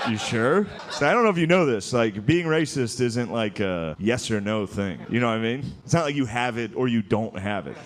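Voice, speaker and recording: A man's voice: medium pitch, animated, fairly quick, slight background noise. A man doing a stand-up comedy set, laid-back and crude, often slipping into exaggerated character voices. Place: comedy club stage before a laughing audience.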